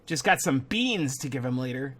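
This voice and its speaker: A man's voice: medium pitch, lively intonation, normal speed, noisy background, natural voice. A man voicing a shifty male prisoner in a tabletop game, evasive and falsely casual. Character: shifty male prisoner hiding poisoned beans.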